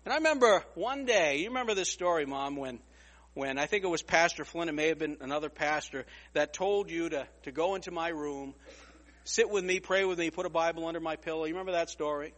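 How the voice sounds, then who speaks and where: A man's voice: fairly high pitch, fairly quick, fairly bright tone, big-room sound. A man preaching a storytelling sermon, repeating words as he goes and acting out other people's lines.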